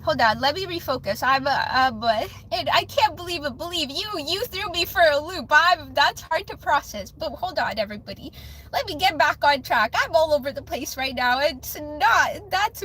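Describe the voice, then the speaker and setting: A woman talks to her livestream viewers in a high, bright voice. She rambles and keeps restarting her sentences. She swaps in "flip" where a swear word would go. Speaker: livestream host doing readings for viewers. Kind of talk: emotional casual livestream talk.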